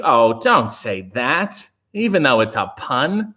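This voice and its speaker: A man's voice: slow, lo-fi sound. A man hosting a livestream, reading viewer comments aloud and answering with dry, sarcastic asides. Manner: dry sarcastic asides, animated pitch swings. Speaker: livestream host reading chat.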